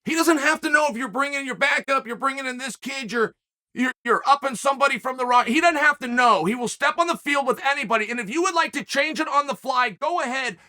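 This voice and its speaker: Hosting his own commentary show, a man with an extremely high, sharp voice talks at a quick pace. His solo rant is animated and emphatic, full of rhetorical challenges thrown at the audience.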